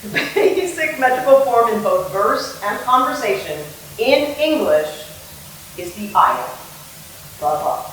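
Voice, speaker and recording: A woman's voice: on the high side, sing-song, slow pace, a bit bright, a little hiss or hum. A woman theatre director giving a playful lecture on verse meter, acting out rhythms as she explains. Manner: playful, sings and acts out rhythms. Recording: echoey room, mic at a distance.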